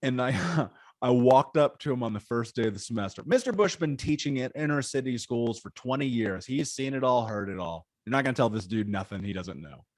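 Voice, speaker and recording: A man in his thirties from Indiana, a guest in an interview, telling his life story in an animated, slangy way with some swearing. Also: medium pitch, a little fast, dry recording, studio quality. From Indiana, USA.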